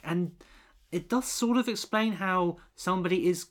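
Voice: medium pitch, fairly even intonation, moderate pace. A co-host reviewing a film in casual chat, rambling with many restarts and fillers.

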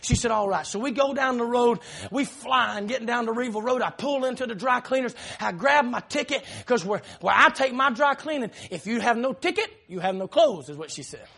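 A middle-aged man with a Southern accent preaching a sermon in church, telling a long story with frequent "uh" fillers and loud shouted peaks. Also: very high voice, expressive, fairly quick, vocal fry. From South Carolina.

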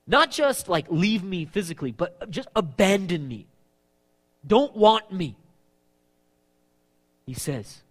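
A man preaching a sermon, animated, stepping into quoted voices. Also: high-pitched, slow, pauses often. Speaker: pastor.

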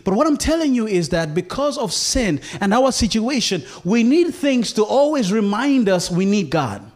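A male preacher pleads passionately with his congregation, frequently checking in by asking "you feel me?". His high-pitched, sing-song voice moves at a moderate pace.

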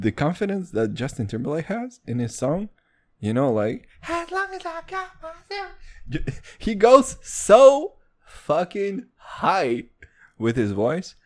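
A young man hosts a podcast in casual conversation, rambling, swearing heavily, and cracking jokes as he hops from topic to topic. His pitch swings wildly.

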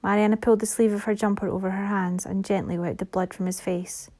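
A woman reads a fantasy novel aloud in a soft, measured voice. Her tone is mellow and rather dark. At times she drops into a hushed whisper. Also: mid-range voice, little pitch movement. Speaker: audiobook narrator. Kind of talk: scripted fantasy narration.

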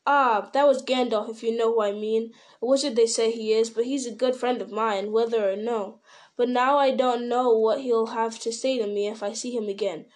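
A woman's voice: a little high, lightly acted. A woman voicing a fussy, rambling middle-aged male innkeeper with a folksy, apologetic way of talking.

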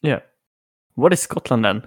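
A man's voice: medium pitch, expressive, normal speed. A man in a casual chat with friends, wry and sarcastic.

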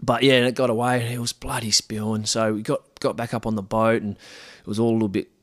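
A man, a podcast host telling a story in a relaxed, slangy way with many fillers and restarts. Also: medium pitch, fast talker, no room sound, studio quality. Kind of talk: casual storytelling.

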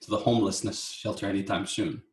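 Low-voiced man in a roomy, echoey room. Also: fairly even intonation. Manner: reflective, halting, repeats words. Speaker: podcast co-host. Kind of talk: casual chat. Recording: roomy echo.

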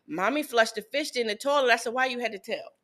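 A woman's voice: a little high, fast talker. A woman in her thirties, a podcast co-host, telling a story in casual chat and acting out what her kids and her ex said. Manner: animated, acts out quotes of her kids and ex.

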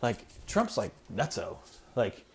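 Thirties male podcast host, mid-pitched, very lively intonation, blunt exasperated ranter. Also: slow, husky. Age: 30s. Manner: blunt, exasperated ranting with frequent "like" fillers. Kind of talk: solo ranting podcast. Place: at home with small children nearby.

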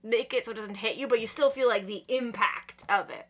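A woman chatting on a podcast, excitedly retelling manga chapters and acting out the characters' lines between laughs. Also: on the high side, fairly quick, crowd noise. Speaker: podcast guest. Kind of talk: casual chat recapping manga chapters.

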